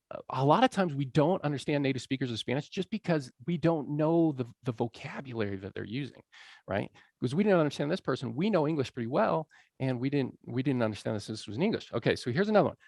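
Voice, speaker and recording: Man, college lecturer, conversational, middle pitch, dry sound. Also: lively intonation, quick pace, gravelly, a little mellow, dry recording. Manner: conversational, often checking in with "right?". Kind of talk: public lecture.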